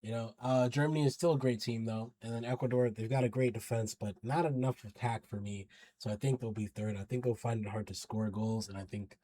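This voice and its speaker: A man's voice: medium pitch, fairly even intonation, fairly quick, warm tone. A man talking through his football predictions in a chatty, slangy way, hyping up teams and hedging his picks as he goes. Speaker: football pundit vlogger. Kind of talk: casual predictions commentary.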